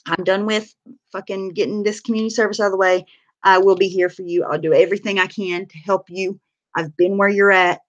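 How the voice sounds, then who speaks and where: A woman's voice: medium pitch, steady tone, fairly quick, dull audio. A woman livestreaming to her chat. She talks candidly about her own life, swears freely and uses lots of fillers. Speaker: livestreamer sharing her recovery story. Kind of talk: casual livestream talk answering chat.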